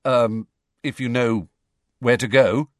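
A man's voice: fairly high pitch, huge pitch swings, moderate pace, fairly bright tone, no room sound, studio quality, voice pushed up, exaggerated voice. A man doing Harry, a tense teenage boy. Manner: grim, uncertain.

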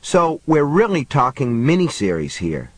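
A man's voice: medium pitch, wildly swooping pitch, unhurried, husky, no room sound, voice pushed up, heavily acted. A man voicing a flippant, sarcastic grown man who talks in a theatrical, mocking way. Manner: sardonic, theatrical.

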